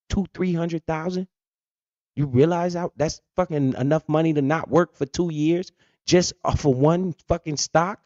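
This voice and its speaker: A man's voice: a little high, a little mellow, no echo. A man hosting a finance livestream, explaining things bluntly with lots of profanity and asking and answering his own questions. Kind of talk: casual explanatory livestream talk. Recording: dull lo-fi stream audio.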